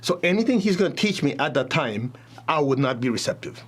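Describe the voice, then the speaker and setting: A man's voice: on the high side, brisk, breathy edge. A man teaching a spiritual talk, telling stories animatedly and speaking straight to his audience. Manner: animated storytelling, addresses audience directly.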